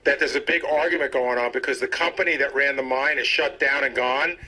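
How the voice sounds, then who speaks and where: A man who is a regular on a radio show, calmly passing along news in casual talk. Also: medium pitch, a little fast, a crowd in the background, poor audio. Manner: matter-of-fact, relaying news.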